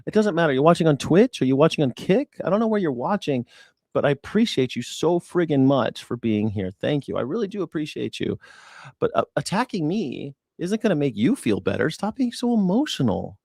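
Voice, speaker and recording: A man hosting a live news reaction stream. He talks straight to his chat in a sarcastic, mocking way and swings between loud jabs and hushed asides. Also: a little high, big pitch swings, brisk, vocal fry, slightly rough, no echo, studio quality.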